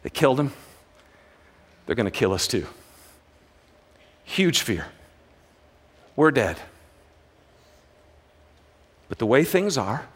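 A man preaching a sermon as a pastor, swinging from hushed, dramatic lows to loud, excited bursts, with jokey asides. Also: unhurried, pauses often.

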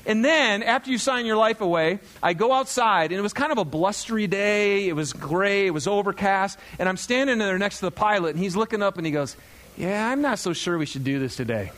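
A man in his thirties, a pastor, preaching in a chatty, animated storytelling way to his congregation. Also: high-pitched, brisk, few pauses.

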